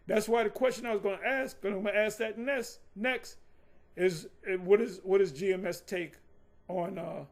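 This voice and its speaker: A man's voice: high-pitched, creaky. A man giving combative, mocking commentary on scripture, rambling with frequent restarts. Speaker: religious commentator.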